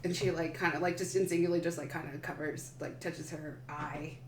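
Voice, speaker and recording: A woman playing a tabletop game, animated and chatty with lots of fillers. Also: deep voice, brisk, echoey room, far from the mic, noisy background. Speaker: player. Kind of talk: casual tabletop play.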